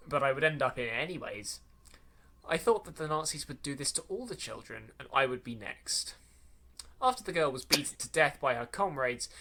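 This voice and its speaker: A man's voice: medium pitch, bright, forceful tone. A man hosting a podcast, reading a horror story aloud, tripping over clumsy sentences and rereading them with sarcastic asides. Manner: stumbling over lines and rereading them mockingly.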